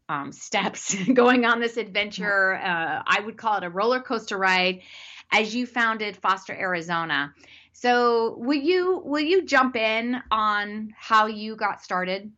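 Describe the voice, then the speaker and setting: Bright, lively woman podcast host. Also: mid-range voice, highs cut off. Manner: enthusiastic, emphatic, laughs often. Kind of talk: warm faith-based podcast interview.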